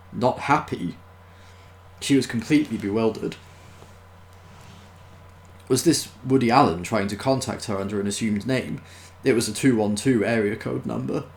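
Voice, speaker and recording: Gravelly low-voiced man reading a novel. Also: darkish tone. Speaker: storyteller.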